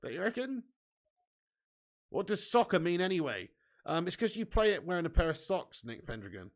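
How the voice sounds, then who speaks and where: A man hosting a live football watch-along, excitably commentating and reading out viewer comments with casual swearing. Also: high-pitched, moderate pace.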